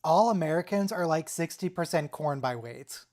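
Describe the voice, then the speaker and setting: Deep-voiced woman with dry quips. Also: expressive, moderate pace, a little mellow. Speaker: watch-along participant. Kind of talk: casual chat. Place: home, over voice chat. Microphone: computer mic on a voice call.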